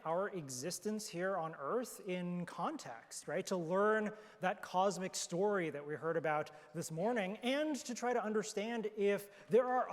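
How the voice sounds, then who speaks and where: Panelist, male, high-pitched, thoughtful explainer; recorded in a reverberant hall. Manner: thoughtful, explanatory, with fillers and restarts. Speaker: astrobiologist panelist. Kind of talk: panel discussion answers. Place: conference hall. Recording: hall reverb from a conference stage.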